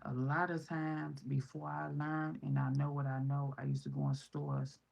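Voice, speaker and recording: A woman's voice: sits low, little pitch movement, normal speed, vocal fry, a little mellow. A mother in her thirties with a Chicago accent, talking in a casual, blunt, profane vlog and quoting other people in raised voices. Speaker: vlogger.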